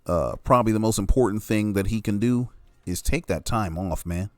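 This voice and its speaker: Low-voiced guy ranting his opinions, cusses a lot, keeps saying you know what im saying, dry close sound. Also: moderate pace, a little mellow, no echo. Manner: blunt, heavily profane, emphatic. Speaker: commentator. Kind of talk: opinionated commentary monologue.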